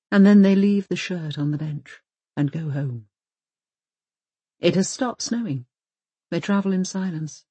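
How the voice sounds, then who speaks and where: A woman narrating an audiobook in a calm, measured reading. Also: on the low side, husky, no room sound.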